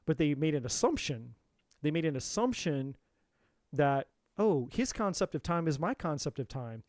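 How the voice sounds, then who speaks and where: A man's voice: fairly high pitch, very animated, normal speed, a little mellow, dry recording, studio quality. Impassioned man telling a spiritual story. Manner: impassioned storytelling, swearing, repeating phrases. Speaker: tarot reader. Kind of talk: live-stream spiritual talk.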